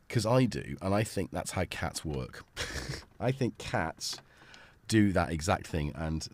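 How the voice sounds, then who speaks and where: A man's voice: low voice, big pitch swings, unhurried, a little mellow. A man hosting a casual livestream from his home studio, rambling and chatty with many restarts. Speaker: livestream host.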